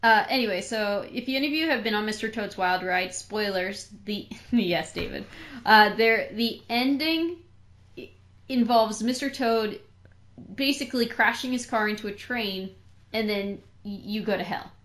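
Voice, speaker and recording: A woman co-hosting a casual film discussion, chatty and thinking out loud as she talks. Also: mid-range voice, normal speed. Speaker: podcast co-host.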